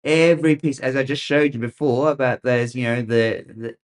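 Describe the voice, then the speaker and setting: A man's voice: medium pitch, fairly even intonation, moderate pace. A middle-aged Australian man hosting a weather show, rambling and sarcastic with lots of fillers. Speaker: weather podcast host. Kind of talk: casual commentary.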